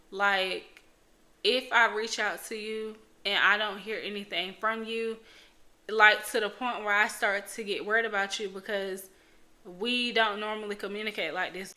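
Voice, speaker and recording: Bright-voiced blunt woman podcast host. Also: mid-range voice. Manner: blunt, frank and profane, with filler words. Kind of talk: casual solo podcast talk.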